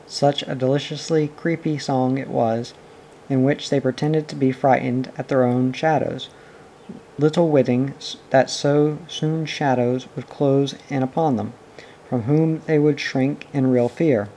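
A man reading a classic children's novel aloud in a steady, expressive storytelling manner. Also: mid-range voice, slight background noise, low-quality recording. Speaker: reader. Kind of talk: audiobook reading.

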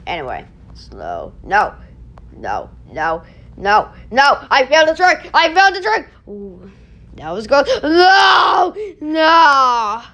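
A woman hosting a casual gameplay video, excitable, yelling and laughing as she plays. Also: fairly high pitch, takes it slowly. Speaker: gaming video host.

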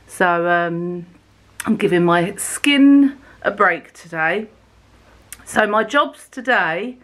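A woman vlogging to her camera at home in a casual, chatty way, unhurried and with frequent fillers. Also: mid-range voice, a bit bright. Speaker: family vlogger. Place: at home and outdoors on a windy, sunny day.

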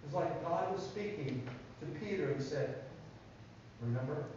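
A man giving a children's sermon in a church, telling a Bible story in an animated way and asking the kids questions. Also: a little high, moderate pace, a little hiss or hum. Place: church sanctuary. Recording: echoey church from far off, dull sound.

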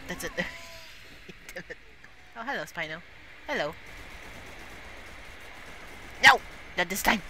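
Excitable gamer with bright, lively voice. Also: female voice, medium pitch, slow, pauses often, a little hiss or hum. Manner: excitable, laughs often, frequent exclamations. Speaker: gaming YouTuber. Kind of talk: casual gameplay commentary.

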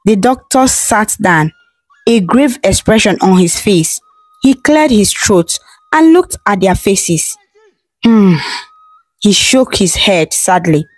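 A woman narrating a dramatic folktale in a slow, measured way. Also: medium pitch, animated, no echo, faint music behind. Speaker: storyteller.

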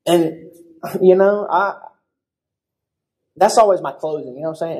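A man's voice: on the high side, a little slow. Young guy pastor giving a sermon, super casual, acts out the voices in his story. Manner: animated storytelling with acted-out voices.

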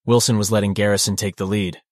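Low-voiced male audiobook narrator. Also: level tone, fast talker, no room sound, studio quality. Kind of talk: scripted narration.

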